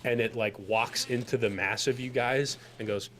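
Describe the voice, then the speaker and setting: A man's voice: mid-range voice, fairly even intonation, normal speed, a bit bright. A man narrating a tabletop game as game master, rambling loosely with many fillers.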